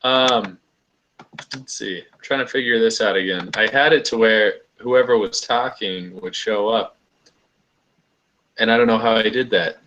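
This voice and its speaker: A young man talks loosely over a video call, his voice sitting a bit low. He rambles in a relaxed way, stringing thoughts together with lots of "like," and laughs easily between points. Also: unhurried, pauses often. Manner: laid-back, rambling, says "like" often, laughs easily. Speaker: host. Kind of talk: casual video call chat.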